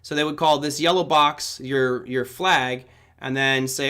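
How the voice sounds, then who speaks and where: A man's voice: mid-range voice, fairly even intonation, measured pace, sharp tone, clean tone. A middle-aged man from Germany hosting a live trading stream, talking casually and thinking aloud as he walks through charts. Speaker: host. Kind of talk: live market analysis stream.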